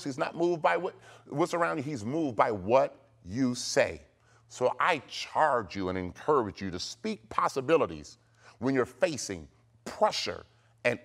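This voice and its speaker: Emphatic male preacher with a lively pitch. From United States. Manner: emphatic, rhythmic preaching with repetition. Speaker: pastor. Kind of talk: televised sermon.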